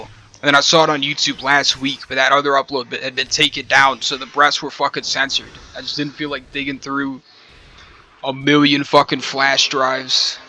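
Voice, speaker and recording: A man streaming while he chats, his voice very bright and sharp, with a roughness that smoking has left in it. He rambles loosely, swears freely and ends his sentences with a drawled "bro." The pitch sits in an everyday middle range. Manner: rambling, profane, slangy, calls listener bro. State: hoarse from smoking. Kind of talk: casual stream chat.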